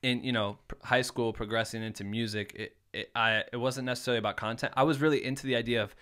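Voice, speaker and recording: Clear and resonant, a bit bright, his mid-range voice holds a steady tone at a quick pace. This Iowan man in his thirties is a podcast guest whose casual, swear-laden tales ramble on, full of "like."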